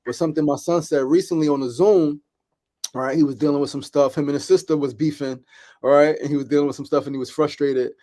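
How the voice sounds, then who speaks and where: A man's voice: a little high, steady tone, fast talker, dark tone. A man hosting a heartfelt discussion, reassuring and often checking in with his listeners. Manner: reassuring, keeps asking "right?". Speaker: host.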